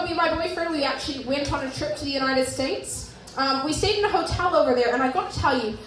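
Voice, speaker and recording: 高音、带新西兰口音的女喜剧演员. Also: female voice, sits high. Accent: New Zealand. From Canada. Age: 30s. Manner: dry, self-deprecating delivery with crowd work. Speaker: stand-up comedian. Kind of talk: stand-up set. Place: comedy venue with live audience. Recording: roomy live club sound.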